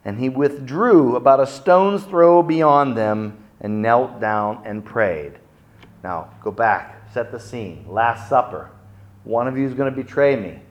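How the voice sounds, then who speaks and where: Dramatic male preacher, lively delivery. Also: medium pitch, a little slow, highs cut off. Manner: dramatic storytelling, acts out quotes with big swings in volume. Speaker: pastor. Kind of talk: sermon.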